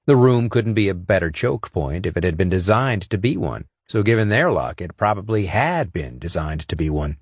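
A man narrating a science-fiction audiobook with expressive storytelling and character voices. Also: low voice, normal speed, hardly any pauses, breathy edge, no echo, studio quality.

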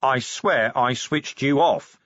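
A man's voice: mid-range voice, slow, a bit bright, highs cut off, voice pushed up. A man playing a weary, blunt middle-aged city watch commander who grumbles his lines. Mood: gruff.

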